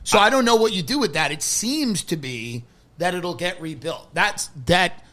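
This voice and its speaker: A man, a comedian guesting on a podcast, riffing in casual chat with a sardonic, animated delivery. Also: sits high, moderate pace.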